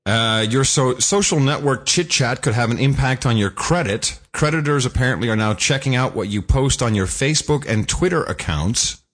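Animated joking male podcast co-host. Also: medium pitch. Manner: joking, animated, quick asides. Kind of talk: casual chat.

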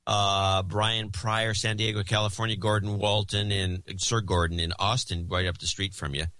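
A man co-hosting a podcast, reading out donor names and amounts in a dry, sardonic, steady rhythm. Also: lowish voice, normal speed, no room sound. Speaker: podcast co-host. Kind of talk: casual chat, reading donor list.

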